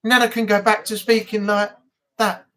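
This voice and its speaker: A woman's voice: mid-range voice, flat delivery, normal speed, fairly bright tone. Chatty woman hosting a live stream. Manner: rambling, chatty, many ums. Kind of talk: casual live chat.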